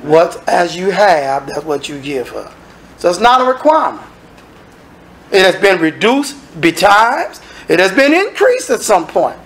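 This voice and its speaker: Animated preacher man. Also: sits high, measured pace. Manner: animated, acts out dialogue, sometimes shouts. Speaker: minister. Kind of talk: sermon.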